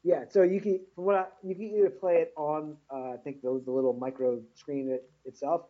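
A man's voice: on the high side, steady tone, a little fast. A man co-hosting a casual podcast, agreeable and hesitant, with lots of fillers and restarts. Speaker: podcast co-host. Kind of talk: casual chat. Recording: dull lo-fi podcast audio.

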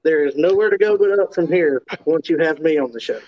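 A man's voice: fairly high pitch, brisk, lo-fi sound. A man from North Carolina with an Appalachian accent, a podcast guest joking in a self-deprecating way. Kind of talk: casual podcast chat.

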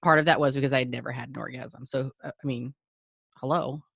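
A woman with a notably low voice, recorded close and dry with no room sound. She is a podcast guest who talks frankly and rambles, often restarting her sentences. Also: steady tone, quick pace, creaky, fairly bright tone, breathy edge, no echo. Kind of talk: candid casual chat.

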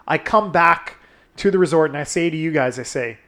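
A man's voice: a little high, brisk, sharp tone. Laughing, crude man telling a wild story. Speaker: podcast host. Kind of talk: casual storytelling chat.

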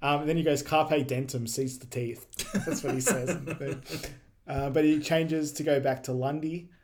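A man co-hosting a podcast, recapping a movie in casual chat, laughing often and quoting scenes quickly. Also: on the high side, steady tone, darkish tone, slight background noise. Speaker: podcast co-host.

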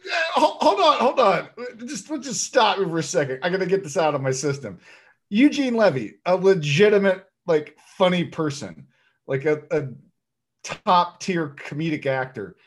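A man co-hosting a casual film-review chat, emphatic and ranty, swearing freely as he picks the movie apart. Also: high-pitched. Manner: animated, emphatic, swearing, quick to rant. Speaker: podcast co-host reviewing a film.

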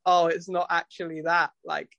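A man's voice: a little high, flat delivery, normal speed, gravelly, fairly bright tone, dry recording, dull audio. A man, a musician guest telling stories in a casual chat, rambling and swearing freely. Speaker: guest musician and tattoo artist.

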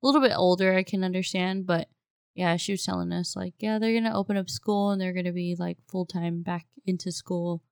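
A woman in relaxed casual conversation who chats along, laughs easily and repeats the other speaker's words. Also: lowish voice, a little fast, creaky, clear, resonant tone, no room sound, studio quality. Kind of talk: casual chat.

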